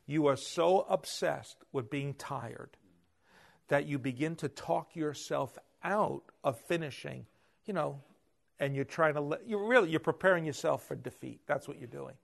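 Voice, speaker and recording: Gravelly-voiced preacher man, loud to hushed. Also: fairly high pitch, a little slow. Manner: animated preaching, swings from loud emphasis to hushed asides. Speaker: pastor. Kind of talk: sermon.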